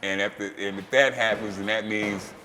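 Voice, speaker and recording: A man hosting, telling a story casually, swearing freely and breaking into loud, animated outbursts. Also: on the low side, moderate pace, long reverb tail, a little hiss or hum. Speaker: host.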